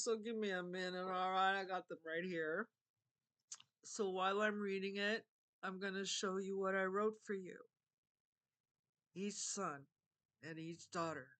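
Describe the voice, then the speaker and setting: Slow, earnest older woman vlogger. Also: medium pitch, steady tone, fairly bright tone. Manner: earnest, meandering, repeats phrases. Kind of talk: heartfelt spoken monologue to camera.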